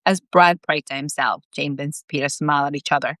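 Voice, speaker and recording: A woman author reading her own story aloud on a live video, expressive and emotional, with chatty asides. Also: low voice, a little fast, few pauses, dry recording. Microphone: live video stream.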